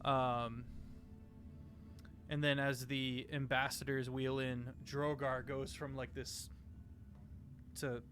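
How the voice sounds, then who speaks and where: A man's voice: mid-range voice, little pitch movement, slow, fairly bright tone, soft background music. A man narrating as game master of a tabletop game, hesitant, with many fillers.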